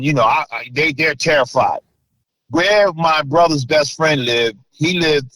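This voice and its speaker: A middle-aged New Jersey man, appearing as an interview guest, tells his story in a mid-pitched voice and gets loud and animated when acting out what others said. The low-quality recording sounds dry and close, with no echo.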